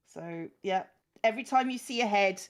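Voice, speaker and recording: Female guest streamer, mid-pitched voice, relaxed and chatty, thanks viewers. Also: normal speed. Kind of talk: casual chat.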